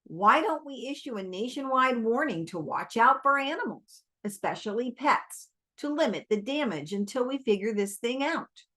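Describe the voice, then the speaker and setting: A woman's voice: on the high side, expressive, moderate pace, few pauses, fairly bright tone. A woman reading aloud, voicing a frustrated young male scientist who pleads in an exasperated way.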